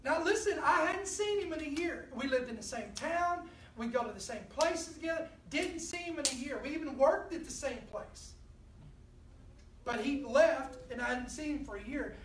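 A woman preacher, telling a personal story to her congregation in a lively, conversational sermon. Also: a little high, slight background noise. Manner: storytelling, animated, addresses the congregation directly. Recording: echoey room from a distance.

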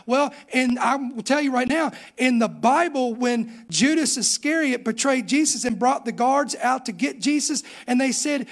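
Casting: middle-aged male pastor, very high-pitched voice, animated storytelling sermon delivery. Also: normal speed, hardly any pauses. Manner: animated storytelling preacher, voice rising on emphasis.

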